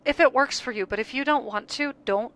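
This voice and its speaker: Lively young woman telling stories. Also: high voice, fairly quick, slight background noise, low-quality recording. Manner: lively storyteller, acts out quotes. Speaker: podcast co-host. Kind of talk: casual chat.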